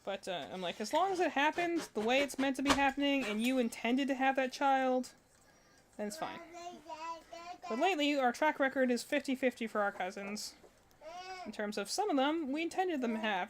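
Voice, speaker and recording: With barking dogs in the house and a noisy background, a young woman crochets on stream and chats casually. Her high voice is animated and moves at a moderate pace, and her rambling is packed with fillers and laughs.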